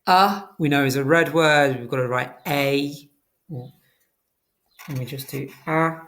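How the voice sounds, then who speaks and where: A primary school teacher, teaching a phonics lesson to young children and slowly sounding out words letter by letter. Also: medium pitch, a bit bright.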